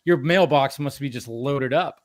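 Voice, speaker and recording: A man's voice: medium pitch, measured pace, dry recording. Rambling male stream host, dry sound. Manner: rambling, restarts thoughts. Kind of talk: casual chat. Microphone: video call stream.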